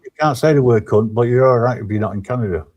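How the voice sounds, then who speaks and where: A man co-hosting a casual live stream chat, relaxed and teasing, with many ums. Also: medium pitch, quick pace, no room sound, highs cut off. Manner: laid-back, teasing, hesitant with ums. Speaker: stream co-host.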